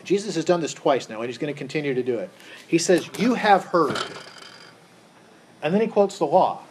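Male Bible teacher, slightly raised pitch, asks the group questions and circles back over his words. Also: lively intonation, normal speed, a little hiss or hum. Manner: quizzes the group, repeats words when rephrasing. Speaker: Bible study leader.

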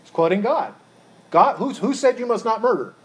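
A man's voice: sits high, animated, moderate pace. A man leading an interactive Bible study, quizzing his group and often repeating words as he rephrases.

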